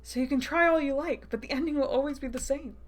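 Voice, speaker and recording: A woman's voice: high voice, quick pace, voice pushed up, natural voice. A woman voicing a sadistic male captor with a teasing, purring manner while reading a visual novel aloud. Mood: taunting. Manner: teasing, purring, lilting questions. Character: sadistic mock-sweet male captor, menacing.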